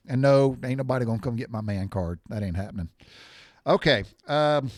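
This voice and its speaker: Older guy, 60s, rambly folksy vlog chat, mid pitch, dry close sound. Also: dry recording. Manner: rambling and folksy, wanders off topic. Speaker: vlogger. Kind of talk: casual chat.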